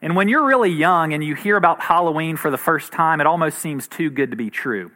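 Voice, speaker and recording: A man's voice: a little high, animated, fairly quick, bright, forceful tone. A man in his thirties, a pastor giving a sermon in a conversational, earnest way. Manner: conversational and earnest, with light laughs.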